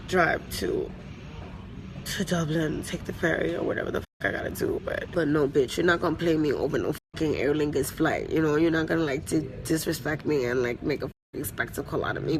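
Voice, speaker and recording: An upset woman venting in an agitated, profane rant at an airport, her talk full of fillers as she tries to calm down. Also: sits low, vocal fry, noisy background. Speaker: vlogger venting after a flight. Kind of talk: angry phone vlog rant.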